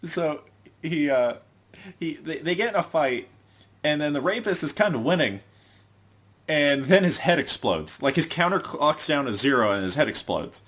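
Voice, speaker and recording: A man's voice: a little high, animated, normal speed, a bit bright. A man co-hosting a podcast, recapping a show in casual chat with frequent laughs and restarts. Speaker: podcast co-host.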